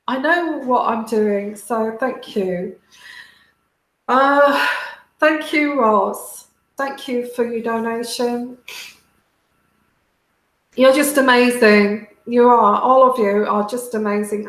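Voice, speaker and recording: A British woman hosting a tarot livestream, talking halting and heartfelt to her viewers, close to tears. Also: a little high, a bit bright, reverberant, rough recording. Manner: halting, many restarts and fillers, heartfelt. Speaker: tarot reader and livestream host. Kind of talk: casual livestream talk to viewers.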